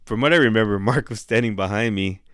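A man's voice: on the low side, quick pace, fairly bright tone, clean tone, no room sound, clean studio sound. A middle-aged man telling stories in a casual chat, profane and laid-back, full of "dude" and "bro", acting out what people said.

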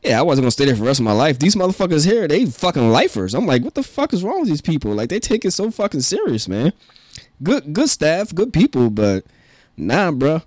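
A man co-hosting a podcast, telling a story in a profane, animated rant and laughing often. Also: medium pitch, dry recording, studio quality. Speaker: podcast co-host. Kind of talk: casual ranting chat.

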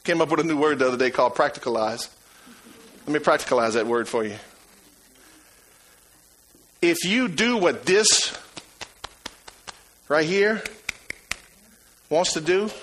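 A man preaching a sermon, emphatic and repetitive, swinging from loud to hushed. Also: a little high, animated, measured pace, long pauses, slight background noise, low-quality recording.

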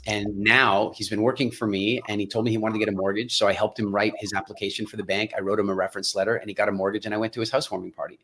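A middle-aged man with a North American accent telling a story as a podcast guest, quick and full of restarts and acted-out dialogue. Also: fairly low pitch, level tone, fairly bright tone. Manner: fast, restarts phrases, acts out dialogue. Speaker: guest entrepreneur. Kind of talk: animated storytelling in a podcast interview.

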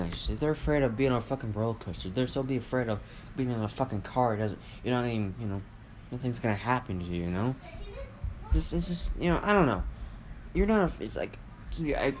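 A man hosting a solo podcast, talking off the cuff and cursing freely. His pitch swings widely as he keeps hammering the same confrontational questions. Hesitant fillers and false starts pepper his talk. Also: slight background noise. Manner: profane, repetitive, confrontational questioning; hesitant, many fillers and restarts. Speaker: podcast host. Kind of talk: rambling solo podcast monologue.

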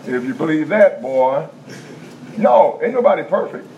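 A man's voice: a little high, lively intonation, drawn-out words, pauses often, noisy background. A male preacher, preaching a folksy, repetitive sermon in a prison chapel that builds to emphatic bursts. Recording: dull lo-fi recording, faint room ambience.

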